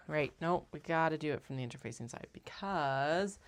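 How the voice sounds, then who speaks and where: A woman's voice: extremely low pitch, normal speed, gravelly, slight background noise. A woman giving casual running commentary while cutting fabric on a craft live stream, chatty and wry, swearing and laughing at herself.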